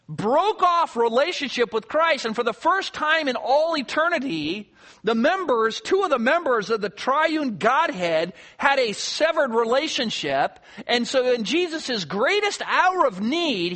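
A man delivering a sermon with a high, bright voice. He explains scripture passages with earnest conviction and sometimes lowers to a hushed tone to stress a point. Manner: earnest expository preaching, quoting scripture, drops quiet for emphasis. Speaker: pastor.

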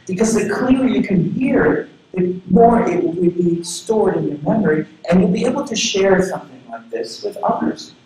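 Earnest preacher man, very echoey hall. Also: moderate pace. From southern Florida. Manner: earnest, personal storytelling with lively pitch swings. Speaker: pastor. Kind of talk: sermon. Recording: very echoey room with faint background noise.

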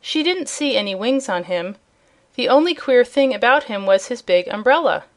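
A woman narrating a storybook chapter in an even, clear storytelling manner. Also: a little high, moderate pace. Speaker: audiobook narrator.

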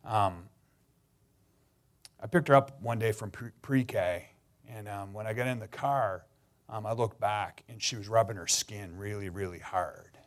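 Earnest man preaching, low voice. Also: a little slow. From Canada. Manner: earnest, personal storytelling, emotional at times. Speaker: pastor. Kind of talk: sermon.

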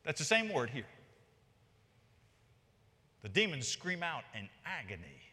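A pastor preaching in a large church with long echoing reverb, his voice forceful and bright and pitched a little high. He drives his points home emphatically and climbs higher whenever he stresses something. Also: sing-song, a little slow. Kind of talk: expository sermon.

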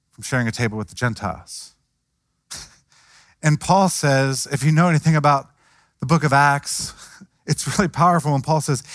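A man's voice: mid-range voice, fairly bright tone, no echo, studio quality. A man preaching a sermon in a conversational way, acting out the voices of the people he quotes. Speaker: pastor.

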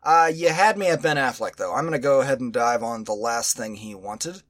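A man's voice: medium pitch, a little fast, a bit bright. A man hosting a casual podcast chat, teasing his co-host and often stumbling and restarting his sentences.

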